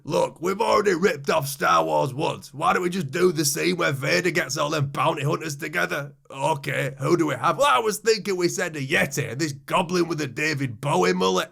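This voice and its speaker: A young man giving a crude, sarcastic comic recap of a film in a deadpan way. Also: a little high, moderate pace, creaky, hardly any pauses, slightly rough.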